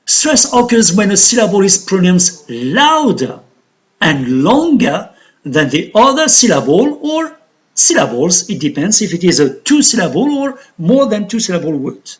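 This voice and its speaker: Slow, lively-voiced male English teacher. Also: high voice. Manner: slow, deliberate, repeats model words. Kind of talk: recorded pronunciation lesson.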